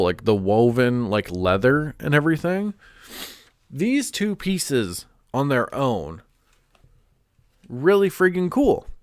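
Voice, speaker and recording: A man's voice: mid-range voice, no echo, clean studio sound. A man chatting casually on a live stream, congested and rambling with lots of "like" and restarts. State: stuffed up, congested.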